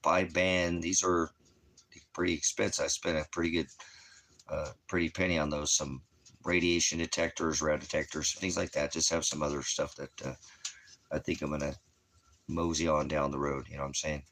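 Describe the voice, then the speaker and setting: A man talking casually at home in a rambling, halting way that trails off. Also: a bass voice, flat delivery, fairly bright tone. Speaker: vlogger. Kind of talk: casual personal talk to camera. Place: at home indoors.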